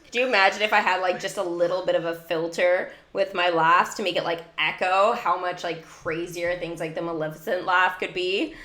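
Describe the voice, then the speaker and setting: A woman's voice: fairly low pitch, fairly even intonation, a little fast, fairly bright tone, reverberant. A woman livestreaming a mobile game, talking casually and giggling often, with many "like" fillers. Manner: chatty, giggly, heavy use of "like". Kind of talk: casual gameplay livestream chat.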